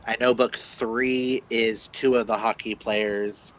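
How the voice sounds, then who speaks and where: A man's voice: medium pitch, little pitch movement, slow pace, a little hiss or hum, low-quality recording. A man co-hosting a casual book chat, wry and given to complaining. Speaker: podcast co-host. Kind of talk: casual chat about books.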